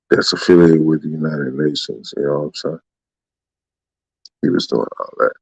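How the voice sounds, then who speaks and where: A man's voice: very deep voice, a little mellow, breathy edge, dry recording. A man talking in casual chat, rambling and often saying "you know what I'm saying". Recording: dull dry sound.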